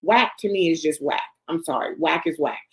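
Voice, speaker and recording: A woman's voice: low voice, moderate pace, music in the background. A woman hosting a celebrity gossip show, ranting bluntly and profanely, talking straight to the people she discusses. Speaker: host.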